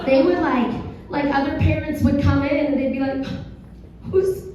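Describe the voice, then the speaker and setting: A hoarse woman comedian doing a stand-up set, talking with the crowd in a self-deprecating, conversational way. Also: high-pitched, flat delivery, normal speed, warm tone, slight background noise. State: hoarse, dry throat. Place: theater stage. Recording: echoey theater, far from mic, dull.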